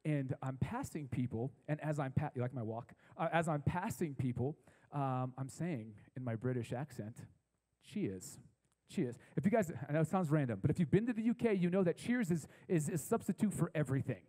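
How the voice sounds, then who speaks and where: A pastor delivers a sermon to a live congregation in a church, his voice a touch higher than most men's and mellow in tone. He talks in a relaxed, conversational way and slows down to repeat key phrases for emphasis. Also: in a large hall, low-quality recording. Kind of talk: sermon to a young adult congregation. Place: church service with a live audience.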